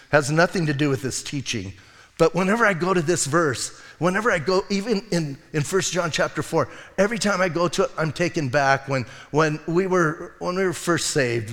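Animated male pastor in a reverberant church. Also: a little high. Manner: animated storytelling with acted quotes and laughs. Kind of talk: sermon. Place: church sanctuary.

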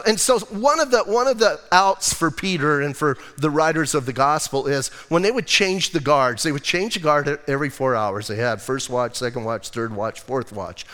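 A male pastor preaching a sermon in a casual, animated style, using slang and acting out the lines of the people in the story. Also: mid-range voice, big-room sound. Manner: animated, conversational preaching with slang and acted-out quotes. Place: church sanctuary.

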